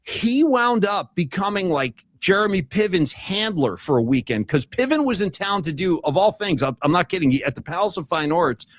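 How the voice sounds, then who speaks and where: A man's voice: high-pitched, normal speed, few pauses, no room sound, clean studio sound. A man hosting a casual sports podcast, telling stories with energy and acting out what others said. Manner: animated storytelling, acting out quotes. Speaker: podcast host.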